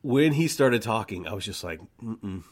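A man's voice: fairly low pitch, sing-song, normal speed. A man co-hosting a podcast in casual chat, rambling with many stammered restarts and easy laughs. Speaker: podcast co-host.

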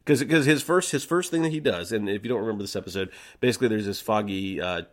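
A man's voice: on the low side, quick pace. A man co-hosting a podcast in casual chat, rambling with many stammered restarts and easy laughs. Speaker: podcast co-host.

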